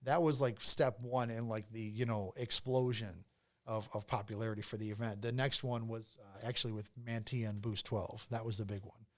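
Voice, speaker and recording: A man's voice: fairly low pitch, fairly even intonation, fairly quick. A man as a podcast guest, telling a long casual story with lots of fillers, restarts and swearing.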